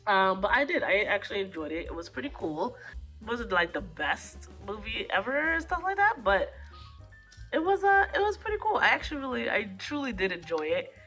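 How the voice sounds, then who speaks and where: A woman recapping a film in a casual review vlog, a little hoarse from a cold, animatedly acting out the lines as she goes. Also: brisk, faint music behind. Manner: animated retelling, acting out lines in jumps of pitch. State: hoarse, getting over a cold. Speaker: movie reviewer.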